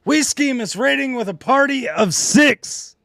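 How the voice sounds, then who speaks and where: A man hosting a live music reaction stream, hoarse and nearly voiceless, chatting casually with his viewers and reading out their messages. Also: extremely high pitch, lively intonation, measured pace, a bit bright. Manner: chatty, talks straight to viewers, reading out chat.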